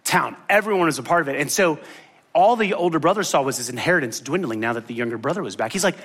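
A man's voice: fairly high pitch, big pitch swings, quick pace, fairly bright tone, husky. A man preaching a sermon, retelling a parable and acting out the characters' lines with big swings in his voice. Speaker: pastor.

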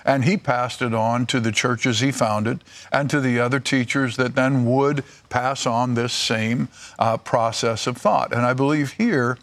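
Man teaching a Bible study, measured. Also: medium pitch, a bit bright. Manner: measured, with frequent "uh" pauses.

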